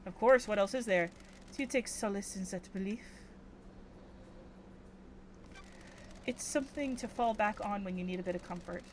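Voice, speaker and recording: A woman voicing a dead woman who calmly waits for justice, speaking in a put-on, admittedly poor French accent with a musing, teasing manner. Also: medium pitch, fast, slight background noise, close to an everyday voice. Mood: reflective. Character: dead woman awaiting justice, calm and philosophical.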